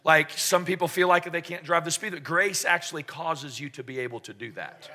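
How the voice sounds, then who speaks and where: Man preaching, sharp bright tone, husky, animated joking stories. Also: on the high side, brisk. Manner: animated storytelling with joking asides to the congregation. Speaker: pastor. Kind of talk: sermon. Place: church service in front of a congregation.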